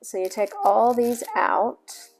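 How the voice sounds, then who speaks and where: A woman's voice: on the high side, fairly even intonation, slow, soft background music. A woman with a Southern US accent, chatting her way through a step-by-step sewing tutorial in a folksy manner. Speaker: sewing hobbyist.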